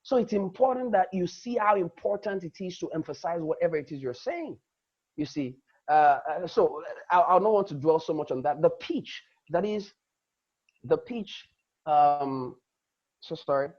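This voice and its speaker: A man gives a public speaking lesson in a husky voice. He stresses words to show his point, dropping soft and rising loud again. The recording sounds dull and lo-fi. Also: a little high, lively intonation, normal speed. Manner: demonstrative, dramatically shifts emphasis and loudness. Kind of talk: lecture.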